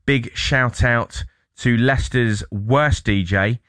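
A man's voice: mid-range voice, slow, a bit bright. A British man hosting a radio show, chatting casually in a rambling, anecdotal way. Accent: British English. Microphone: studio mic.

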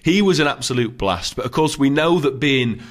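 A man's voice: medium pitch, animated, moderate pace. A male presenter narrating his vlog and interviewing, upbeat and enthusiastic.

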